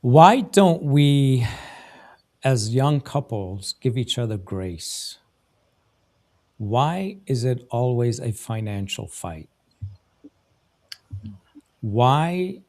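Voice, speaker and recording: A man's voice: medium pitch, animated, drawn-out words, pauses often, darkish tone. A man in his fifties hosting a live interview show, giving advice in a reflective and earnest way. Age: 50s. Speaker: host.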